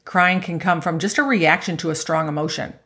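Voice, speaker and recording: A woman's voice: on the low side, brisk, bright, forceful tone. A woman coaching golfers on their emotions in a chatty, conversational way, often tagging her points with "right?" and laughing easily. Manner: acts out inner voices in quotes. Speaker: golf mental coach. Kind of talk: conversational motivational talk.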